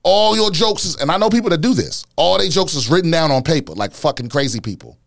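A man hosting a casual podcast, ranting in a profane, animated way and repeating himself as he gets worked up. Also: a little high, fast, vocal fry, dry recording, studio quality. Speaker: podcast host, comedian.

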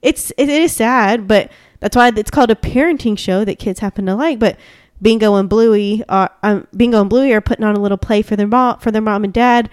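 A woman's voice: medium pitch, a little fast, few pauses, darkish tone, clean tone, no room sound, studio quality. A woman co-hosting a casual chat show, gushing and chatty with lots of fillers and restarts.

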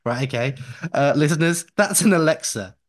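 A man's voice: a little high, expressive, normal speed. A man co-hosting a podcast from home. He chats casually, wanders off on tangents and laughs as he goes. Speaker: podcast co-host.

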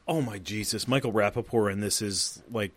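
A man's voice: on the low side, normal speed. A man co-hosting a podcast, chatting casually about a movie, with lots of swearing and "like" fillers. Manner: swears a lot, fills with "like", acts out lines. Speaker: podcast co-host. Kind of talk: casual movie commentary chat.

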